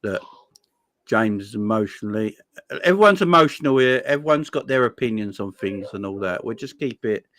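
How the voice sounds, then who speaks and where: A man hosting a football fan chat, talking in a calm, conciliatory, laid-back way. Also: lowish voice, moderate pace, no room sound. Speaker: fan channel host.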